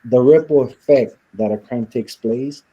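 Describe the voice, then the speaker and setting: A man's voice: medium pitch, unhurried, narrow, tinny audio, slight background noise. A man being interviewed, earnestly telling a reflective personal story and acting out the voices of the people in it. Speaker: interview guest. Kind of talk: conversational storytelling.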